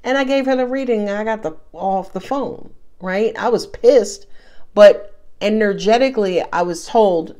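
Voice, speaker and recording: A woman's voice: mid-range voice, normal speed, warm tone. A woman reading tarot cards to camera in a casual, emphatic way, full of slang and calling the listener baby. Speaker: tarot reader.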